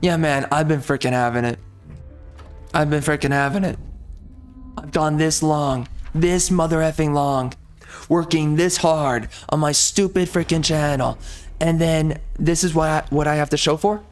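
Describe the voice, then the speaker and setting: A man's voice: on the high side, steady tone, moderate pace, faint music behind. A man ranting angrily and repeating himself while commenting over gameplay in a video. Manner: angry, repetitive, exasperated ranting. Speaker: gaming video creator.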